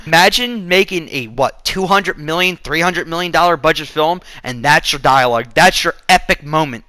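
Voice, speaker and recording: A man rants through a movie review with sarcasm and plenty of swearing. His voice sits a bit high and sounds sharp and tense. The sound is close and dry, with no room around it. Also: normal speed, hardly any pauses, no room sound. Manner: profane, sarcastic ranting. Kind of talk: casual movie review rant.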